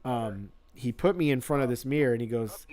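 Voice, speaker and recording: A man's voice: medium pitch, fairly quick, darkish tone. A man, a guest, telling a casual anecdote in a rambling way, full of fillers and acted-out quotes. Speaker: guest creature mask maker.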